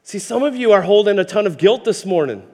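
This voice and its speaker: A man's voice: sits high, lively intonation, brisk, darkish tone. A male pastor in his thirties preaching a sermon, impassioned and storytelling, stumbling over repeated words as he builds up. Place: church sanctuary. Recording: hall reverb.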